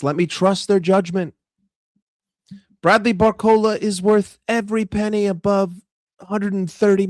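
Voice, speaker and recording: A high-pitched man with a New York accent rants in a heated, sarcastic way, swearing freely as he vents about his football club. His voice is recorded close and dry, with almost no room sound. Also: darkish tone, dry recording. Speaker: football fan vlogger. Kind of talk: ranting fan commentary.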